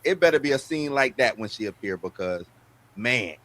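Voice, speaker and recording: A man co-hosting a casual entertainment news chat, lively and argumentative. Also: mid-range voice, moderate pace. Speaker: podcast co-host.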